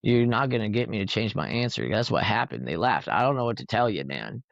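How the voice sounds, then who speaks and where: Low-voiced man telling profane stories. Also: sing-song, brisk, creaky, no echo. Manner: profane, rambling anecdotes. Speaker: podcast host. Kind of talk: casual storytelling chat. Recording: dull lo-fi recording.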